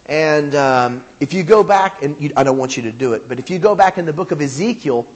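A male pastor delivering a sermon, his voice somewhat higher than most men's and noticeably husky. He preaches emphatically, repeating key phrases and putting questions to the congregation. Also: animated, fairly quick.

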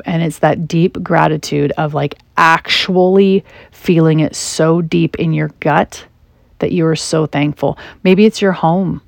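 Low-voiced woman giving a motivational talk. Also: moderate pace, creaky, no room sound. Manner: conversational, with animated quoted asides. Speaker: self-help speaker.

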